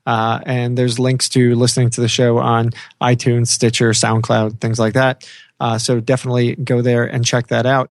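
A man's voice: medium pitch, completely flat delivery, normal speed, no room sound, studio quality. A man co-hosting a podcast in easygoing casual chat, with lots of fillers and restarts. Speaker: podcast co-host.

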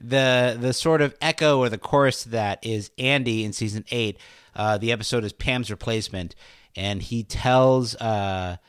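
A man's voice: medium pitch, normal speed, fairly bright tone, smooth, dry recording, studio quality. A man co-hosting a podcast in casual chat, retelling TV scenes with quoted lines. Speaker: podcast co-host.

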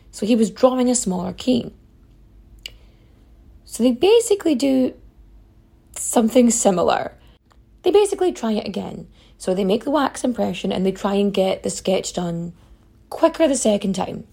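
A woman tells history stories on her podcast in a loose, chatty way. She wanders into personal asides and swears casually. Her voice is gravelly and a little husky, with a dark, mellow tone. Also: mid-range voice. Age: adult mother. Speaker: podcast host.

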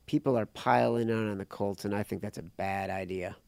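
A man's voice: lowish voice, steady tone, fairly quick, vocal fry, a little mellow, no echo. A man co-hosting a sports betting podcast with a dry, teasing, sarcastic manner. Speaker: podcast co-host. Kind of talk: casual betting podcast chat.

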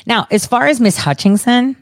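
A young woman giving a profane, sarcastic political rant in an animated, fast-shifting voice. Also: on the high side, no echo, studio quality. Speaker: political commentator. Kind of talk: ranting commentary.

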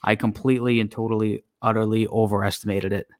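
Low-voiced male podcast co-host. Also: flat delivery, quick pace, a little mellow, no room sound, studio quality. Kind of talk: casual sports talk.

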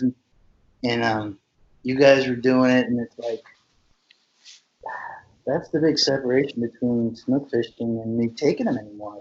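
A male podcast host chats casually in a mid-range voice, relaxed and salty-mouthed. The sound is dull and lo-fi. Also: mid-range voice.

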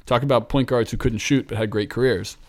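A man from Philadelphia hosts a basketball talk show at an ordinary, mid-range pitch. He rambles and thinks aloud in a chatty, unscripted way. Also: fairly even intonation, brisk, darkish tone. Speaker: basketball podcast host. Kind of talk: casual sports talk.

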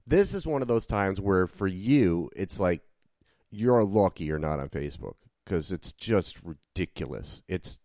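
Laid-back and rambling, this podcast co-host chats casually with plenty of fillers. He has a low, animated voice with a darkish tone and measured pace, recorded in a clean studio with no room sound.

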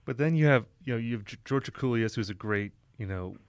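A man's voice: medium pitch, quick pace, clean tone, no echo. Dry-sounding male interview host. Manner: brief affirmations, thoughtful questions. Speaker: podcast host. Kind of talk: interview questions.

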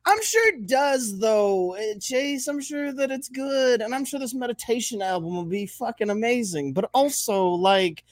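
A man's voice: extremely high pitch, moderate pace, few pauses, no echo. A man co-hosting a sports podcast who rants in casual chat and swears a lot. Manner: animated ranting, swears a lot. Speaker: podcast co-host.

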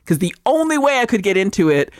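A woman co-hosting a podcast in casual chat, expressive, leaping high for mock-confused questions. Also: fast talker, no echo, clean studio sound. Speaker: podcast co-host.

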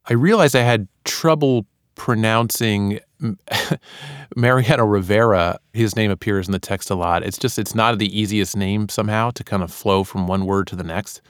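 A man's voice: lowish voice, normal speed, dry recording, clean studio sound. A man, an author and part-time radio analyst, talking casually and loosely about recording his audiobook, with plenty of "you know" fillers.

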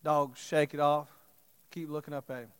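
A male pastor preaching a sermon, swinging from loud impassioned calls to quiet storytelling. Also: on the high side, flat delivery, moderate pace, clean tone, long reverb tail.

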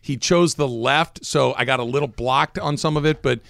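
A man's voice: medium pitch, moderate pace, gravelly, a bit bright, no echo, clean studio sound. A man co-hosting a podcast, rambling through stories in a casual, self-deprecating way. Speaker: podcast co-host. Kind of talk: casual chat.

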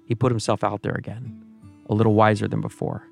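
A male narrator reads a scripted documentary story in a measured, even delivery. His voice is low and gravelly, with little rise and fall in pitch. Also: faint music behind.

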